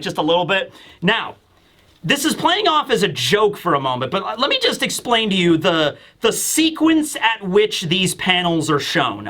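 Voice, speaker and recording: Man, casual manga chat, excitable, acts out quotes, lively pitch, bright tone. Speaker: manga reviewer.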